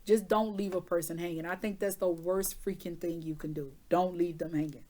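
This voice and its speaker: A woman's voice: lowish voice, steady tone, fairly quick, dark tone. Candid, emotional woman storyteller. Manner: emotional, candid, swears freely. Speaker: tarot reader. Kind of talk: casual storytelling to viewers.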